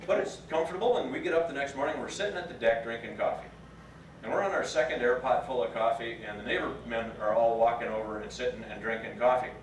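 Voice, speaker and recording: A man's voice: medium pitch, fast talker, a little hiss or hum. A man in his fifties giving a folksy, plain-spoken storytelling speech at a class reunion, sometimes choked up. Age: 50s. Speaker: reunion speaker. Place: large room at a class reunion. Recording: echoey room, picked up from a distance.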